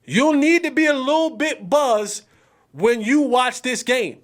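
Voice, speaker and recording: A man hosting a sports talk show, with a voice that sits well above the usual male range. He speaks casually and full of slang, addressing viewers directly. His delivery is emphatic and animated, and he stretches out his exclamations. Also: very high voice, unhurried. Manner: slangy, talks straight to viewers.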